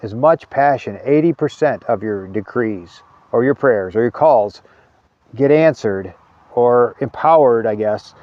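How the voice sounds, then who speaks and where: A man giving an earnest spiritual talk, halting often and repeating words as he searches for them. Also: medium pitch, expressive, no room sound, lo-fi sound. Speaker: spiritual teacher.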